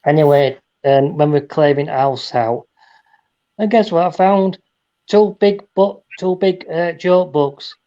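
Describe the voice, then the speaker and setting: A man's voice: a little high, slow, warm tone, lo-fi sound. A man telling rambling jokes and stories in a casual chat, often restarting his sentences. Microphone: phone.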